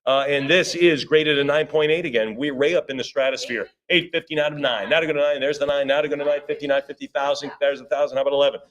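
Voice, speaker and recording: A man's voice: a little high, steady tone, fairly bright tone. A man working as auctioneer at a live sale, rattling off rising bids in a rhythmic chant and breaking off for chatty asides. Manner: rapid rhythmic bid calling with chatty asides.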